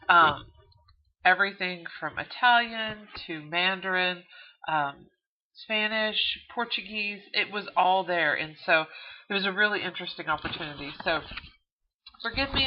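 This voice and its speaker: A woman with a Texan accent, a college instructor giving a chatty recorded video lecture with frequent fillers. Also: fairly low pitch. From Texas. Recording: dull lo-fi video audio.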